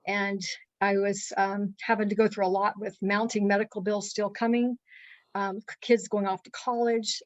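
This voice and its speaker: A middle-aged woman speaks in a mid-range voice, telling a personal story to listeners on a call. She is earnest and halting, filling gaps with "um" and restarting sentences. The recording is close and dry, with no room sound. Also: medium pitch, no room sound, dull audio. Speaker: guest speaker.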